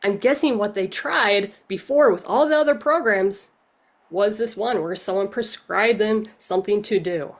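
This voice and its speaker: A woman's voice: mid-range voice, normal speed. A woman coach giving a conference talk, telling a story and asking rhetorical questions. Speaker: coach speaking at a leadership conference.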